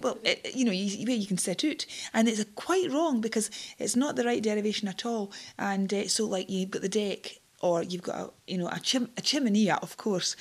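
A woman's voice: medium pitch, husky. A Scottish woman in her fifties, chatting and telling anecdotes in a group interview, laughing often. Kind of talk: casual storytelling chat.

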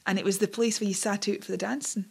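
A woman's voice: mid-range voice, fairly even intonation, fast, creaky, husky. A Scottish woman in her fifties, chatting and telling anecdotes in a group interview, laughing often. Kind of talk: casual storytelling chat.

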